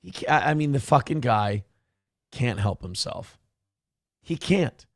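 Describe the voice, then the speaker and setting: A man's voice: mid-range voice, expressive, measured pace, dry recording. A man hosting a show, giving sarcastic, profane political commentary in a ranting way on a close mic. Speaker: show host.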